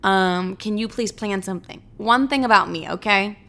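A woman's voice: medium pitch, normal speed, vocal fry, fairly bright tone. A young adult woman hosting a podcast, telling a dating story in a blunt, candid way, swearing often and acting out what others said. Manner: blunt, swears a lot, mimics others in quotes. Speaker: podcast host.

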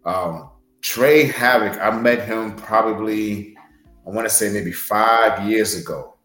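A man's voice: lowish voice, slow pace, a bit bright, echoey room, faint music behind, low-quality recording. A man, a pro wrestler, telling stories about a match in an earnest, rambling way full of fillers on a podcast. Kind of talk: podcast interview storytelling.

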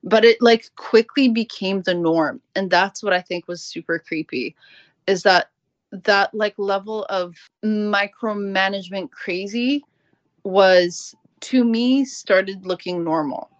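A woman tells a candid, animated story about her old workplace and acts out the people in it. The sound is dry and close, with a dull, somewhat lo-fi tone. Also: medium pitch, takes it slowly, no echo. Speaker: manager recounting her workplace. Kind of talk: interview testimony.

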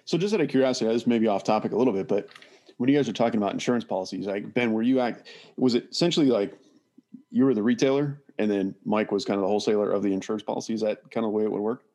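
A man's voice: lowish voice, very fast, warm tone. A man acting as host, asking a curious follow-up question. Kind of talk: interview question.

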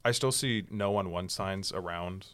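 A young man co-hosts a casual political podcast in playful, teasing banter. His voice sits very low. The sound is dry and close-miked. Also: a little slow, fairly bright tone, clear, resonant tone, no room sound. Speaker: podcast co-host.

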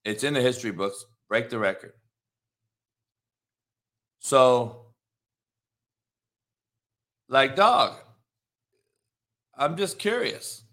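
A man giving a heated, profane sports rant, repeating himself and now and then breaking into shouts. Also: mid-range voice, very animated, drawn-out words, long pauses. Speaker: sports commentator.

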